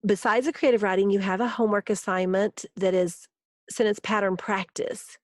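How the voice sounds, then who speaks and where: A woman teacher giving a recorded grammar lesson, explaining each step slowly and patiently. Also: medium pitch, steady tone, dry recording, studio quality.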